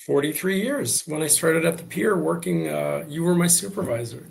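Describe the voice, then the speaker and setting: A man in his sixties joins a webinar over a video call as a guest. His voice is deeply gravelly with fry throughout. He reminisces in an easygoing way, pausing on fillers. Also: expressive, heavy background noise. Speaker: guest, cruise executive. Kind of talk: casual chat.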